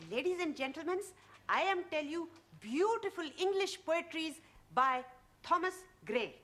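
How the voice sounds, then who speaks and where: An actress playing an earnest adult student reciting a poem in halting, broken English in a sitcom. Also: female voice, extremely high pitch, lively intonation, fairly bright tone, a little hiss or hum, exaggerated voice. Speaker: adult evening-class student. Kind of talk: 1970s studio sitcom acting.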